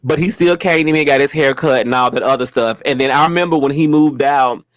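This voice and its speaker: A podcast host, a man chatting casually in slangy, profane talk. He acts out other people's lines as he tells a story. His voice sits at a middling pitch and sounds dry and close to the mic. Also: quick pace, no room sound. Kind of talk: casual chat.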